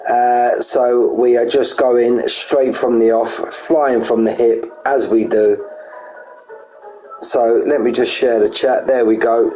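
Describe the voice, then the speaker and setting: Man, Cockney accent, casual race-stream host, chatty, matey, mid pitch. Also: mellow, poor audio. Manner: chatty, matey, greets viewers by name. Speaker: sim-racing league stream host.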